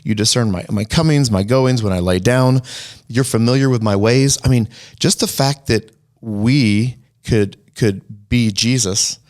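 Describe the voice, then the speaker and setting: A man with an ordinary mid-pitched voice chats on a faith podcast. He speaks earnestly, quotes scripture and slips in light jokes. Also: a little slow, a little mellow. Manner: earnest, preachy, quotes scripture, joking asides. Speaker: podcast co-host. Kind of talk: casual faith podcast chat.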